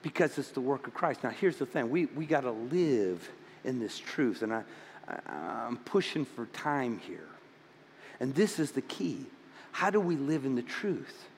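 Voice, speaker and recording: A man's voice: mid-range voice, big pitch swings, a little slow, big-room sound, slight background noise. A man preaching a sermon as pastor, stammering into restarts and building to fervent emphasis.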